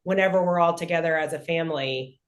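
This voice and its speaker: A woman chatting casually with her family, expressive and quick to laugh. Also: low voice. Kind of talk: casual chat.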